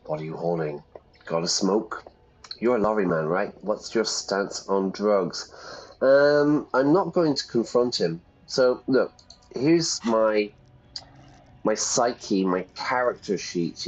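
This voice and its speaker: A man's voice: fairly low pitch, slightly rough. A man, a teacher chatting casually while playing a game and explaining words as he goes. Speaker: English teacher. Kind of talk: let's-play lesson, casual commentary. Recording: dull lo-fi sound.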